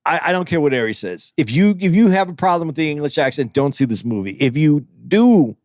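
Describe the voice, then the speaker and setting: A man's voice: on the high side, big pitch swings, brisk, darkish tone, no echo. A man hosting a podcast, easygoing and enthusiastic, reviewing a movie in casual chat. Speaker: podcast host.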